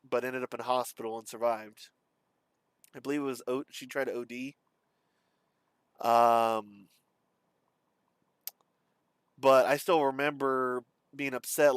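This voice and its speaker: A man telling a painful personal story on camera, halting and subdued, with many pauses and fillers. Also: on the high side, clear, resonant tone, no echo. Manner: subdued and confessional. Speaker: vlogger.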